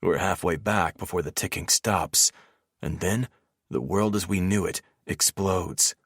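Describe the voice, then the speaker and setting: A man narrating a first-person romance audiobook in a steady, measured reading voice on a close mic. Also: deep voice, breathy edge, no echo.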